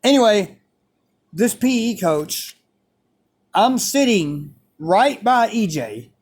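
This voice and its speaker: A man's voice: high-pitched, slow pace, husky. A man telling a story in a casual, profane way, repeating phrases as he goes. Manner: animated, profane, repeats himself.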